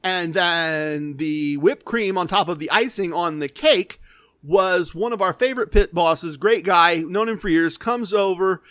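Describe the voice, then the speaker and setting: A man hosting a podcast, telling stories in a casual, animated, self-deprecating way. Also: high-pitched, a little slow, no echo. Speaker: podcast host. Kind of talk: casual storytelling.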